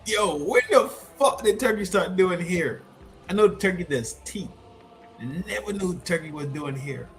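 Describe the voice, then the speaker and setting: A man hosting a stream, reacting to clips with loud, profane casual commentary that repeats itself. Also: sits high, lively intonation, unhurried, faint music behind. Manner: loud, swearing, repeats himself.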